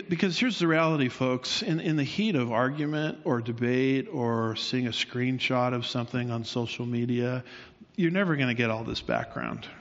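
A man teaching the Bible in a sermon, explaining at length and asking his listeners rhetorical questions. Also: mid-range voice. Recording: dull sound with long hall reverb.

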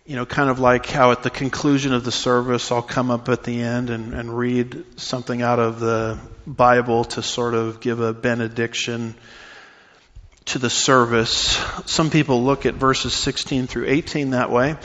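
Measured pastor preaching in a reverberant church. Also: male voice, medium pitch, flat delivery, fairly bright tone. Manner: measured teaching with frequent uh fillers. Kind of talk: expository sermon. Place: church sanctuary. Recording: dull, reverberant church recording.

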